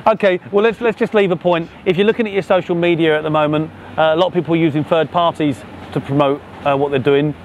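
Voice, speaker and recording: A man's voice: fairly high pitch, steady tone, fast talker, hardly any pauses, slight background noise. Upbeat man co-hosting a chat show. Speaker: co-host. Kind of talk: casual chat show banter.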